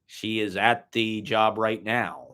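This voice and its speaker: A man's voice: lowish voice, steady tone, slow pace, bright, forceful tone, clear, resonant tone. A young man musing in a loose, casual monologue, swearing freely and padding his talk with "like" and "you know". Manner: loose, profane, full of "like" and "you know" fillers. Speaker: vlogger.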